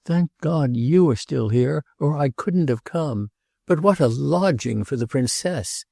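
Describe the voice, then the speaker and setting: A man's voice: mid-range voice, lively intonation, normal speed, creaky, warm tone, no echo, clean studio sound, voice pushed up. A man voicing an agitated, jealous nobleman who pleads and repeats himself, in an audiobook.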